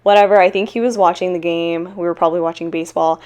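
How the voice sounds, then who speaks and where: A woman's voice: fairly low pitch, fairly even intonation, fast, a little mellow, clear, resonant tone. Chatty young woman, self-mocking. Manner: chatty, self-deprecating, laughing often. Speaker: teacher and small-shop vlogger. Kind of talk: casual Q&A chat. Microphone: own mic.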